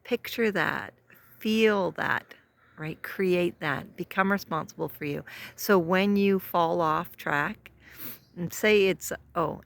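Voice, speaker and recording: Gravelly-voiced woman giving a motivational talk. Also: low voice. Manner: earnest, asks many rhetorical questions; repeats herself for emphasis, soft-spoken. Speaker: self-help speaker. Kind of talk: motivational self-help talk.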